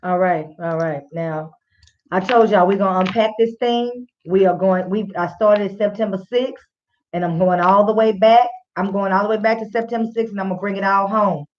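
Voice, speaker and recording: A woman's voice: mid-range voice, fairly even intonation, normal speed, slight background noise. A woman hosting a radio show in casual spoken commentary, talking straight to her listeners as "y'all". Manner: conversational, addresses listeners directly as y'all. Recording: slightly dull lo-fi sound.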